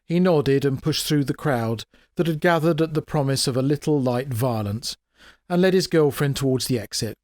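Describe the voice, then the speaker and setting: A man's voice: medium pitch, moderate pace, no room sound, clean studio sound. Man narrating a comic fantasy tale. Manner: wry, expressive storytelling. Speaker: author reading his own story. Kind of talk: dramatic audiobook narration.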